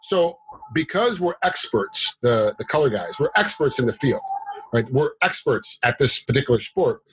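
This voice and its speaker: A middle-aged man, a former fighter turned commentator and referee, telling stories in a casual interview, animated and rambling with fillers. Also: medium pitch, moderate pace, background noise. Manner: animated, acts out quotes in a raised voice; rambling with many fillers and restarts.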